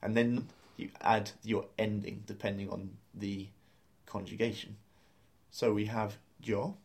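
A man's voice: lowish voice, little pitch movement, unhurried, creaky, a little mellow. A man teaching a beginner language lesson, explaining grammar step by step and spelling out words letter by letter.

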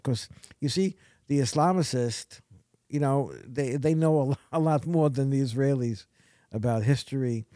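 A man in casual podcast talk, rambling and halting with many restarts. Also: mid-range voice, warm tone, dry recording, studio quality.

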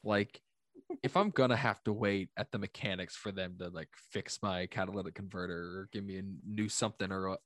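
A man's voice: low voice, steady tone, a little fast, a bit bright, no echo. A man co-hosting a podcast, chatting casually about a book with joking asides. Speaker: podcast co-host.

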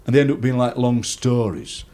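A man's voice: mid-range voice, animated, moderate pace, mellow. A middle-aged man from South Yorkshire with a local accent, chatting in an interview and telling funny stories, laughing often. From South Yorkshire, England. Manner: chatty storyteller, laughing often, acting out voices in anecdotes. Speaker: poet and radio presenter, guest. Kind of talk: casual anecdotal interview chat.

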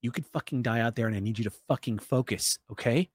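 A man's voice: fairly low pitch, moderate pace, slight background noise, voice pushed down, close to an everyday voice. A man doing a stern woman camp leader. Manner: stern, profane, commanding.

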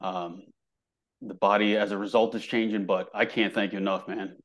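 A man's voice: fairly low pitch, level tone, moderate pace, a bit bright. A man in a group call giving an emotional, heartfelt tribute, swearing freely. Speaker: program member.

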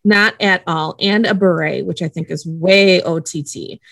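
A woman's voice: lowish voice, steady tone, measured pace, a bit bright, dry recording. A woman co-hosting a podcast, recapping an episode in a loose, chatty way. She makes wry asides as she goes. Her voice is close and dry, with no room sound. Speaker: podcast co-host. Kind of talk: casual recap chat.

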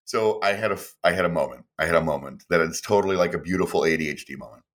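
A man co-hosting a casual podcast, telling stories in a rambling, animated way with lots of fillers and laughs. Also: low voice, very fast. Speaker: podcast co-host.

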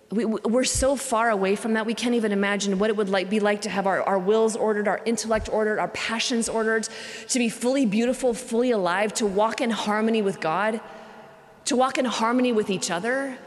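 Woman preaching in a reverberant cathedral. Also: a little high. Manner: conversational, repetitive emphatic phrasing. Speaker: religious sister, retreat speaker. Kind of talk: retreat talk.

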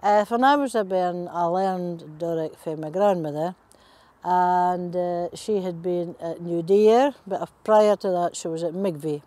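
A woman's voice: lowish voice, unhurried, warm tone, no room sound. A woman with a North East Scots accent telling stories wryly in an interview. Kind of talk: anecdotal interview talk.

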